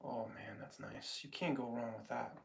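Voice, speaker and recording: Gravelly man chatting while he paints. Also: medium pitch, fairly even intonation, normal speed, slight background noise. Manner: rambling, talks to himself and chat while working; gets heated and louder when ranting. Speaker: live-stream painter. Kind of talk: casual live-stream chat while painting.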